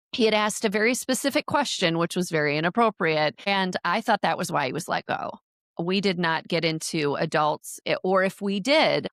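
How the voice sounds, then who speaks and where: A woman recounts her own story in an earnest, halting way, often stopping and restarting her sentences. Her voice sits fairly low for a woman. The sound is dry and close, with no room echo. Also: creaky. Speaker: interview guest. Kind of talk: personal storytelling.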